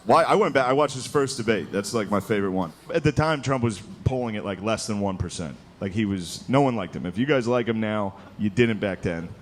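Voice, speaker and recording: A man's voice: fairly low pitch, lively intonation, fairly quick, hardly any pauses. A man performing a stand-up comedy set, telling stories in a loose, conversational way into a handheld mic at a large live venue. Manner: loose, conversational storytelling with frequent "dude" and "like". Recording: live stage recording with clear crowd noise. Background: audience laughter and room ambience.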